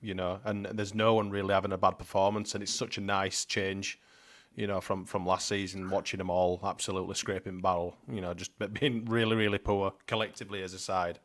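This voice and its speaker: Sweary, laughing bloke. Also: male voice, low-pitched, flat delivery, fairly quick, a bit bright. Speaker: podcast co-host. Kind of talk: casual football chat.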